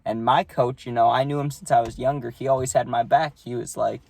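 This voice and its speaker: A man's voice: mid-range voice, fairly even intonation, brisk, creaky, darkish tone, no echo. A young man casually telling a story to camera, rambling and swearing, with lots of "you know" and "right".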